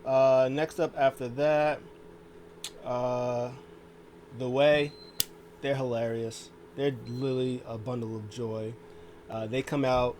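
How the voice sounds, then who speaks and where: A man's voice: medium pitch, flat delivery, slow pace, pauses often, darkish tone, a little hiss or hum. A man casually recapping a wrestling show, rambling along with lots of fillers. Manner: rambling, full of fillers and restarts. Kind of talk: casual chat.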